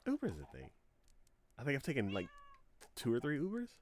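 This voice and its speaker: A man's voice: mid-range voice, huge pitch swings, fairly quick, a little mellow, a little hiss or hum. A young adult man streaming live, telling a rambling story in casual chat and acting out both sides of each conversation with lots of fillers. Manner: frequent laughs and filler words.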